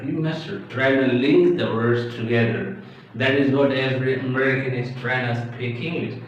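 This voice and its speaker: A man with an Indian accent giving an animated English lesson, exclamatory and playacting confused learners. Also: mid-range voice, normal speed. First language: Indian language. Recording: echoey, distant, dull lo-fi with faint hiss.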